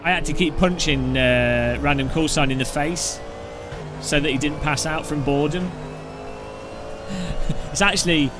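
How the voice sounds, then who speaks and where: A British man chatting his way through a sim race, his voice sitting a little higher than most men's. He rambles, jokes and slips into silly travel stories, with faint music playing softly behind him. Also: a little slow, pauses often. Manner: chatty, joking, rambling anecdotes. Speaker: sim racing streamer. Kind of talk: casual gameplay commentary.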